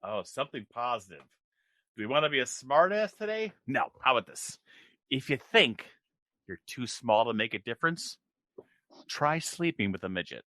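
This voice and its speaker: A man's voice: medium pitch, big pitch swings, normal speed, bright, forceful tone, no echo. A man on a casual podcast, a crude, teasing joker. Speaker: podcast co-host.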